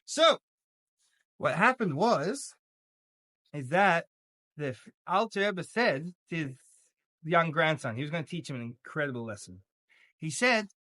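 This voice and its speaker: A man giving a casual, lively religious lesson who jokes and acts out voices as he teaches. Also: on the high side, unhurried, pauses often, no room sound. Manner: animated, jokey, acts out voices. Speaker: Torah teacher.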